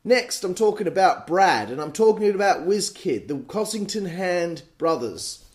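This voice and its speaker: A man in his late twenties with an Australian accent, telling crude, animated stories on a podcast and swearing freely. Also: sits high. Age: late 20s. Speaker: podcast host. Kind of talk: casual storytelling monologue.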